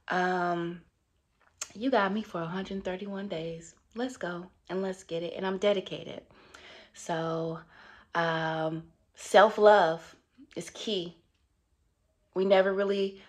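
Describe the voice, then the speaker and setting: A middle-aged woman vlogging about her juicing journey in a casual, upbeat, chatty way, with many fillers. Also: mid-range voice. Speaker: wellness vlogger. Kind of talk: casual motivational vlog.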